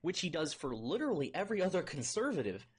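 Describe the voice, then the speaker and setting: A woman's voice: deep voice, sing-song, fast, breathy edge. A woman ranting indignantly in her own video commentary.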